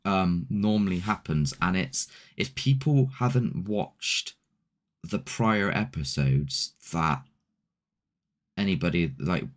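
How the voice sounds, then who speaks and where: Man, low deep voice, loose rambling chat host. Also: lively intonation, slow. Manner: rambling, laid-back, with mild swearing. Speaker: paranormal investigator and show host. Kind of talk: casual chat.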